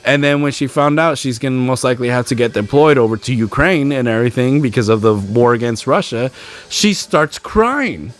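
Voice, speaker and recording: A man's voice: mid-range voice, quick pace, few pauses. A young man hosting a podcast, ranting alone with frustration and mocking other people's words. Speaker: podcast host. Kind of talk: solo ranting podcast monologue.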